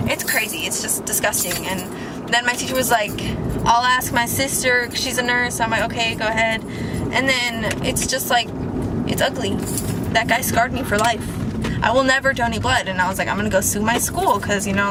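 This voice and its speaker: A teenage girl vlogger tells a casual storytime from inside a car in a highish voice. She's chatty, saying "like" constantly and acting out what people said, with heavy background noise.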